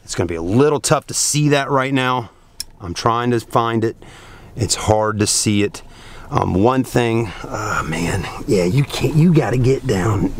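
At a car dealership at night, and later inside a car, a folksy reviewer gives a casual walkaround, chatting and calling his viewers folks. His mid-range voice is expressive and a little slow, and he's hot and tired after a long day.

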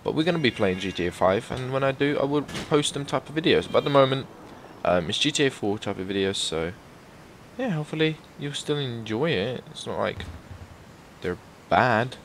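A man giving casual gameplay commentary, excitable and swearing often, breaking into loud exclamations and rambling asides to his viewers. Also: mid-range voice, normal speed, a little hiss or hum. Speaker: gaming YouTuber.

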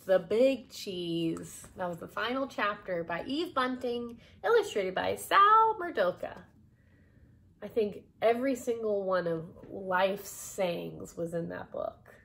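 A woman's voice: medium pitch, lively intonation, slow, creaky, a bit bright, slight background noise. Woman reading a storybook aloud expressively. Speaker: children's book reader.

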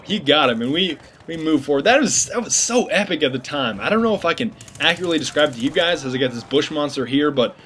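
A young man giving excitable, slangy, chatty commentary over his own gameplay. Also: fairly high pitch, a little hiss or hum.

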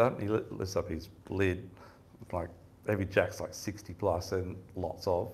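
A man's voice: low voice, moderate pace, vocal fry, a little hiss or hum. A man giving a fishing seminar, telling rambling stories in a casual chatty way and laughing often. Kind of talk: casual storytelling talk. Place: seminar room with audience.

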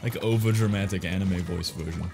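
A man's voice: low voice, fairly even intonation, fairly quick, gravelly, darkish tone, soft background music. A man in his twenties co-hosting a casual let's-play, teasing and blunt with his friend. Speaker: co-host of a gaming channel.

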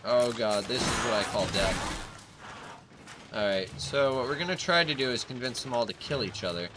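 A man hosting a gaming channel, chatting casually and rambling with lots of filler, breaking into sudden excited outbursts while he plays. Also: mid-range voice, normal speed, noisy background. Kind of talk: casual let's-play commentary.

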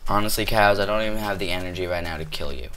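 A man playing a video game on his own channel, swearing constantly and trash-talking the animals in it, switching between shouting and muttering. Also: low voice, fast, slight background noise. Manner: flips between angry yelling and muttering. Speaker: gamer. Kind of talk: cursing let's play commentary.

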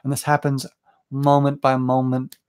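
A man's voice: mid-range voice, monotone, normal speed, a little mellow, smooth. A young man leading a late-night Bible study, preaching in an earnest, conversational way with frequent restarts and asides. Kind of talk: informal sermon.

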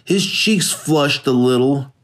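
Man narrating a crime audiobook. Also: mid-range voice. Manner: measured, steady storytelling. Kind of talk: scripted narration.

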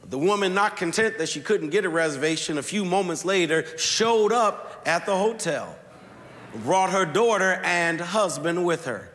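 A man's voice: high voice, a bit bright. A male pastor delivering a sermon in a slightly raised voice, drawing out key words as he tells a story. His voice carries through a large church sanctuary with a long, lingering reverb behind every phrase. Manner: storytelling preacher with slow, deliberate emphasis.

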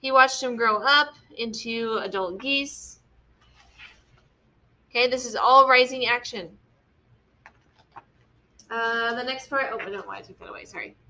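Bright-voiced woman teacher, patient and clear. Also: on the high side, measured pace, pauses often. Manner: patient, explains step by step with frequent "okay?" checks. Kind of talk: classroom lesson on story structure.

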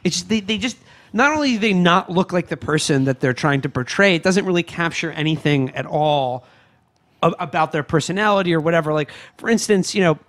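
A man co-hosting a podcast in casual chat, halting and restarting his sentences often. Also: fairly high pitch, expressive, a bit bright. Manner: halting, with frequent restarts and stammered repeats. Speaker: podcast co-host.

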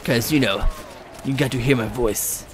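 A young man giving live gameplay commentary, excitable and rambling, swearing and yelping often. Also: medium pitch, normal speed, slight background noise.

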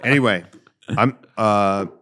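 A man's voice: fairly low pitch, takes it slowly, a bit bright. A man co-hosting a podcast in casual chat, rambling with lots of fillers and restarts. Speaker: podcast co-host.

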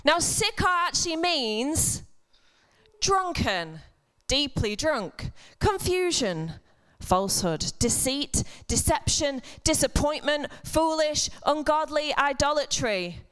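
A high, sing-song female voice moves slowly with a slightly bright quality. At a church service, she delivers a relaxed, chatty sermon, frequently poking fun at herself and tossing in witty asides.

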